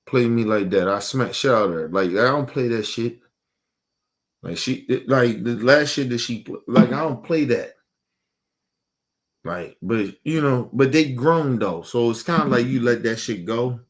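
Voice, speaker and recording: A man's voice: mid-range voice, expressive, unhurried. A man, hosting and ranting in a heated, profane, repetitive way, casual monologue. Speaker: show host.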